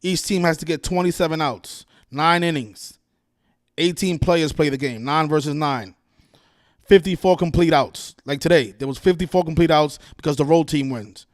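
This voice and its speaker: A man's voice: on the high side, normal speed, no echo. Indignant ranting man, dry close mic. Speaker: channel host. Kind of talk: casual commentary over his street clips.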